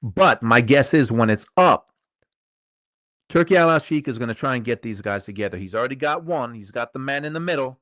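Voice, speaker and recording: Middle-aged male host, casual live-stream chat, rambling and repetitive, mid-pitched, dry close mic. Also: a bit bright, dry recording. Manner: rambling, conversational, repeats phrases. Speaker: show host.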